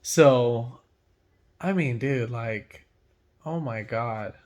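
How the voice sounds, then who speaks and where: A young man, a mechanic, casually telling a story in loose slang, animated and laughing, with big swings between loud and quiet. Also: medium pitch, extremely slow. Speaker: mechanic and channel host.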